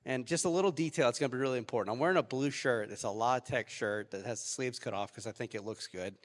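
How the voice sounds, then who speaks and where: A young man preaching a sermon as pastor, telling a personal story in a lively, animated way. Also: medium pitch, fast. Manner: storytelling, animated, acts out quoted voices. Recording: reverberant church hall.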